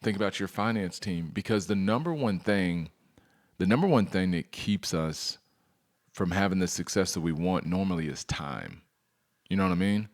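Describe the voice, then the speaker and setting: A man coaching salespeople in a training presentation, energetic, firing rhetorical questions at his audience and acting out customer dialogues. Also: low voice, moderate pace.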